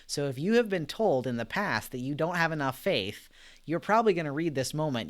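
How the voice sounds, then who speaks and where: A man leading a live-streamed Bible study in a casual, conversational way, gentle and reflective, with frequent fillers and soft laughs, and reading out viewer comments. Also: on the high side, very animated, a little fast.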